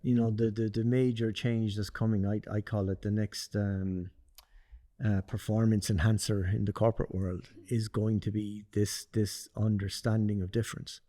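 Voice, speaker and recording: Male host, thoughtful, halting, low voice, long room reverb. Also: little pitch movement, mellow. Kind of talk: casual interview chat.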